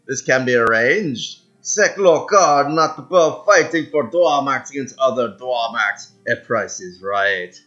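A man voicing a sly male alien mercenary envoy who speaks in a halting, foreign-sounding accent with broken grammar. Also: medium pitch, lively intonation, pushed and bright. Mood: sly, bargaining. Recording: dull lo-fi with faint music.

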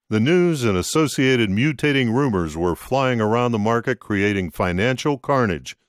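A man narrating an audiobook in an expressive, scripted reading. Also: medium pitch, no echo, studio quality.

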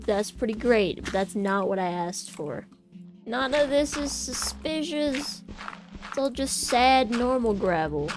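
A woman hosting a gaming channel, giving casual commentary as she plays and chatting playfully to the game. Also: sits high. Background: faint game music.

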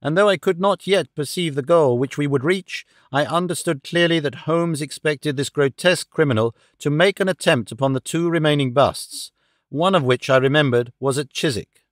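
A man narrating an audiobook in a steady, even storytelling manner. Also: fairly high pitch, normal speed, no echo, studio quality. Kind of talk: scripted narration.

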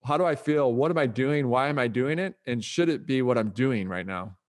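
Middle-aged man, upbeat and motivational, mid-range voice; podcast guest author. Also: mid-range voice. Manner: upbeat, motivational, brisk delivery. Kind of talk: podcast interview.

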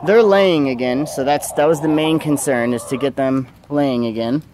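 Man vlogger, mid-pitched, laid-back chatty delivery, outdoors with faint traffic hum behind. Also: moderate pace. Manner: easygoing and chatty. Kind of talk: casual chat. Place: backyard outdoors.

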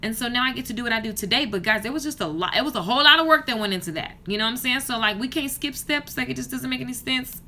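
Talking fast with barely a pause, a woman in her thirties vents heatedly in a casual vlog to camera from a hotel room. She's a hair stylist and business coach, and her fairly high voice sounds pushed and bright, with lively rises and falls.

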